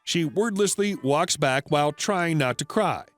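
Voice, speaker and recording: A man narrating online stories aloud, lively and quoting characters. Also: on the high side, unhurried, soft background music. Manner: lively storytelling, quoting voices. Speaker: story narrator.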